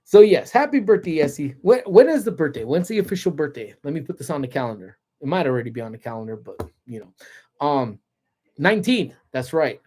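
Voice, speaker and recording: Chatty laughing man, mellow voice. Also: a little high, very animated, brisk, husky. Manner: chatty storyteller, laughs often, reads out comments. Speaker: livestream host. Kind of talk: casual live chat with viewers. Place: parked car.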